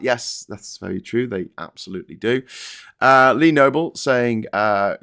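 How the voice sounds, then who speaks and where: A man's voice: medium pitch, measured pace, sharp tone, clear, resonant tone. A middle-aged British man hosting a live stream, reading chat aloud and giving wry, chatty commentary on the papers. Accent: British English. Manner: sardonic, chatty, reads chat and mocks headlines in silly voices. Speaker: host.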